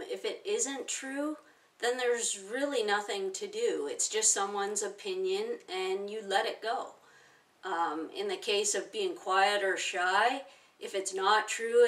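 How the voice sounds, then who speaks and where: A woman in her forties, a self-help teacher, calmly walking through a technique step by step with everyday examples. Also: mid-range voice, recorded from a distance. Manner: calm, explaining step by step with plain examples. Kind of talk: instructional talk to camera.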